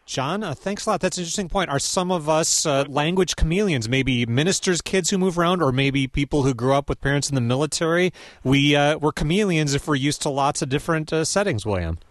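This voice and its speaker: A man hosts a public radio call-in show from a studio microphone. His voice sits a little high, and the room around him is completely dry. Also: lively intonation, fairly quick, dry recording.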